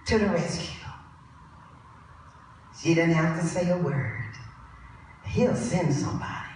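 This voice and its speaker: A woman preacher delivering a sermon with impassioned delivery, dropping to a hush and rising to shouts, in a large church. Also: on the low side, unhurried, long pauses. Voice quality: impassioned, swings from hushed to shouted. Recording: echoey church hall from far off.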